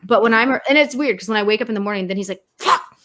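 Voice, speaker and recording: A woman talking as a podcast guest, telling animated, profane stories in a casual chat. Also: medium pitch, racing. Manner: animated, profane storytelling with frequent laughs.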